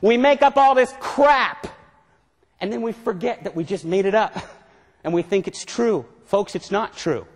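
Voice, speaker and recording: Speaking in a high-pitched voice at a moderate pace, this man delivers a motivational seminar as a management consultant. He is playful and keeps firing questions at the audience in the lecture hall, where the sound carries a long reverb.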